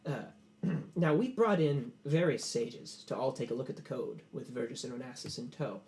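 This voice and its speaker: A man playing a smooth, ambitious nobleman who speaks formally and hesitates often. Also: mid-range voice, normal speed, darkish tone, close to an everyday voice. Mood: scheming.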